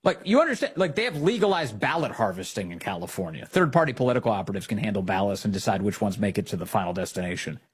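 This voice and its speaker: Man, political commentary host, sarcastic, husky, swooping delivery. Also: lowish voice, fast, few pauses. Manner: animated, sarcastic.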